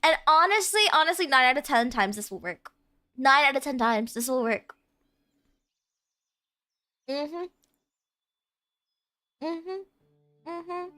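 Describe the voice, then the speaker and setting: A woman's voice: high-pitched, expressive, slow pace, long pauses, pushed and bright. A woman streamer chatting casually with her viewers, playful and teasing, often giggling.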